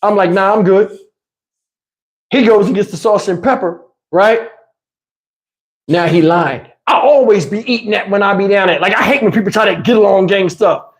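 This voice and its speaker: Brief: middle-aged male host, high voice, acts out voices while telling a story. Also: normal speed. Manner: animated, acts out other people's voices. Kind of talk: casual storytelling chat.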